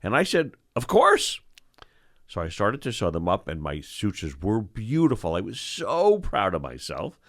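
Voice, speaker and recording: A low-voiced older man from New York tells stories in casual chat, his pitch rising and falling widely. He acts out the people in his stories as he goes. He hosts the show as an eye doctor. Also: moderate pace, hardly any pauses. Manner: animated storyteller, acts out voices. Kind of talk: storytelling chat.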